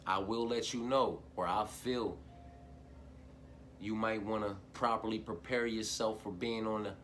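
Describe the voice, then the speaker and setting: A man hosts his own fight-picks channel in a loose, profane monologue. His voice is bright and forward, and he rambles with slang fillers and swearing. A faint hiss of background noise sits under the recording. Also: on the low side, steady tone, measured pace. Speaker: host of an MMA betting picks channel. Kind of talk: casual solo picks monologue.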